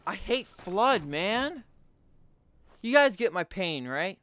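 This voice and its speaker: A man's voice: high-pitched, sing-song, takes it slowly, no echo. Swearing, frustrated young man gaming. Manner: swears a lot, frustrated, shouts at enemies. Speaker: gaming commentator. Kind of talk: frustrated gameplay commentary.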